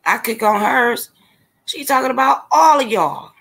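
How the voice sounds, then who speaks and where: A woman's voice: a little high, lively intonation, unhurried, fairly bright tone. A woman hosting a casual livestream, ranting bluntly and with exasperation straight to her viewers. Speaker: livestream commentator.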